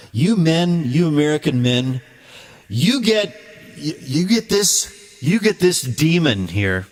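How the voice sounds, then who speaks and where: A man speaking a blunt, emphatic ranting monologue to his viewer as a video creator. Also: a little high.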